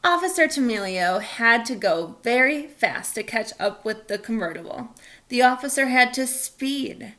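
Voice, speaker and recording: A woman reading a children's chapter book aloud in an expressive, clear storytelling manner. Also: on the high side, a little slow. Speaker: reader.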